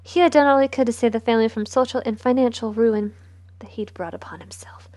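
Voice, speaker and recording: A woman reading a historical novel aloud, softly and often in a near whisper, with casual asides. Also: on the high side, quick pace, no room sound. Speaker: narrator.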